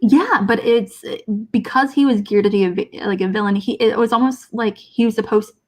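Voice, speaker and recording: A woman co-hosting a movie show in casual chat, hesitant and halting, often restarting her sentences as she searches for words. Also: fairly high pitch. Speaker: co-host of a movie discussion show.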